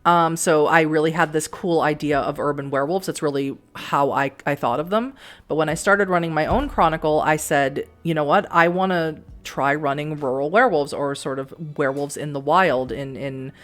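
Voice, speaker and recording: A woman's voice: low voice, moderate pace. A middle-aged woman from the Boston area with a faint Boston accent, chatting and rambling to viewers while playing a story game. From Boston area, USA. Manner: chatty, rambling, frequent restarts and laughs. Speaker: streamer playing a narrative game. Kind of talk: let's play, reading aloud and chatting with viewers.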